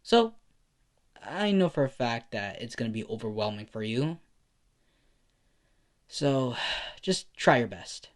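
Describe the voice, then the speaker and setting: Man doing a high-voiced fussing mother. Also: sing-song, slow pace, long pauses. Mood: motherly. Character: kindly mother, middle-aged woman. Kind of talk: amateur fan story narration.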